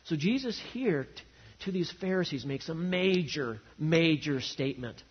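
A man preaching a sermon, swinging from loud emphasis to hushed, quiet lines. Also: a little high, animated, normal speed, husky, highs cut off. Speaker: pastor.

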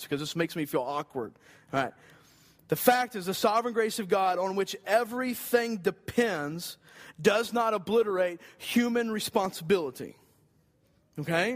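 A man preaching a sermon in an earnest, conversational way, rising for emphasis. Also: a little high. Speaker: pastor.

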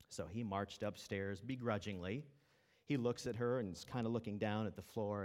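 A man's voice: on the low side, normal speed, a little mellow. A man preaching a sermon as a pastor, talking casually and telling a family story with small fillers along the way. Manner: conversational, storytelling with filler words.

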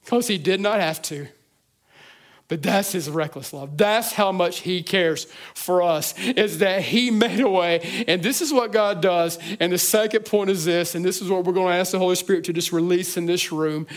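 A pastor preaching a sermon to his church, earnest, moving between hushed reflection and fervent emphasis with frequent restarts. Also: high voice, normal speed. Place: church service.

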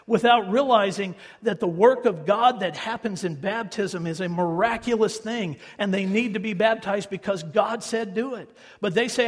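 A male preacher delivers a sermon in a high, husky voice. He is emphatic, dropping to hushed asides and rising to fervent, repeated insistence. A long hall reverb trails every phrase. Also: moderate pace, few pauses. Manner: emphatic, with sudden swings from hushed to raised and fervent.

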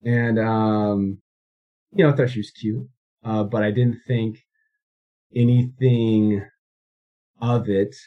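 A man's voice: on the low side, steady tone, slow, long pauses, dull audio. A man in his thirties, a guest recounting his life story in a casual interview, rambling with many fillers and restarts.

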